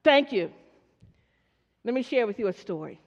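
A woman's voice: fairly high pitch, lively intonation, moderate pace. A woman preaching a sermon to her congregation, asking them questions and acting out the characters in her story. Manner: call-and-response, asks the congregation questions; acts out story characters in quoted voices. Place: church hall. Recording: dull lo-fi recording with long hall reverb.

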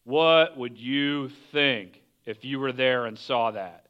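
A man's voice: medium pitch, slow pace, smooth, muffled recording. A man preaching a conversational sermon, often asking the listeners questions. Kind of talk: casual sermon.

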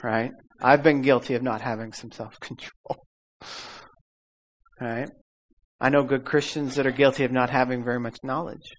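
A man's voice: mid-range voice, steady tone, moderate pace, pauses often. Folksy preacher man calling for amens. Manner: folksy, calls for amens and audience repeats; laughs often while telling stories. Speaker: pastor. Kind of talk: conversational sermon.

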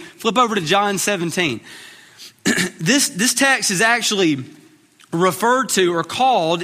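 Man, pastor, sermon, high bright voice, earnest, long hall reverb. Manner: earnest, repeats words when starting phrases.

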